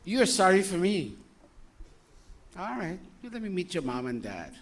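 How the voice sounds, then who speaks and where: Older spiritual teacher in his sixties, lively and scolding, slightly high voice, loose informal sermon delivery. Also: measured pace. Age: 60s. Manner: animated, scolding, jokey asides, rhetorical questions.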